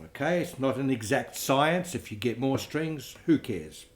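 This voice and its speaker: Man, guitar teacher, slow unhurried delivery, counts beats aloud, faint guitar playing. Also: mid-range voice, lively intonation. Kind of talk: flamenco guitar tutorial.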